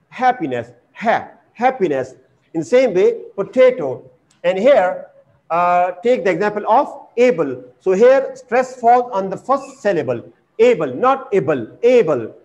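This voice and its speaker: A man with a high-pitched voice teaches an English lesson at a deliberate pace. He pauses on "uh" and repeats each word syllable by syllable, leaning hard on the stress. The recording is muffled and lo-fi. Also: darkish tone. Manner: slow and deliberate, repeating words with exaggerated stress, frequent "uh". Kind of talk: vocabulary lesson. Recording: dull lo-fi recording.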